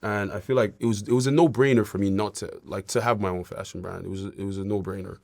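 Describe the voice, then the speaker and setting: A young Irishman, appearing as a guest in a casual interview, talks in a relaxed, rambling way packed with fillers. His voice is fairly low and quick, with noticeable vocal fry.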